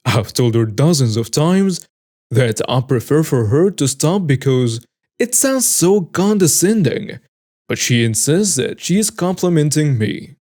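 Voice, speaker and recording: A man narrates stories from the internet in a mellow, rounded voice that is pitched a little high for a man. He reads them plainly and then adds wry, amused comments of his own. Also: big pitch swings, measured pace. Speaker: story narrator. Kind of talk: reading online stories aloud with commentary.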